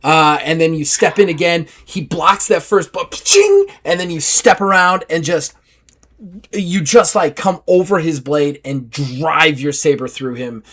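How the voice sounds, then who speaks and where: A man's voice: fairly high pitch, unhurried. A man narrating as game master of a tabletop game, telling the action vividly and in a loose way, with many fillers. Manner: vivid, animated storytelling with filler "like".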